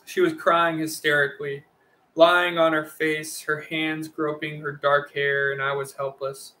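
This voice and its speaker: A man reads a first-person novel aloud in a bright, fairly high voice. His delivery stays level and measured, with little rise and fall in pitch. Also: little pitch movement. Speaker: audiobook reader.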